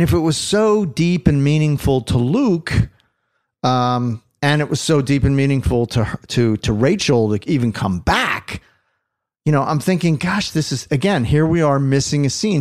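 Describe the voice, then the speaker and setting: A man's voice: on the high side, lively intonation, moderate pace, a little mellow. A middle-aged man hosting a podcast in casual chat, rambling with restarts and playful teasing. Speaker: podcast host.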